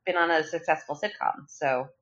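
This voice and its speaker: A woman co-hosting a casual podcast, relaxed and trailing off, often answering with brief agreements. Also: deep voice, moderate pace. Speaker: podcast co-host. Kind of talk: casual chat about movie casting. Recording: slightly dull lo-fi sound.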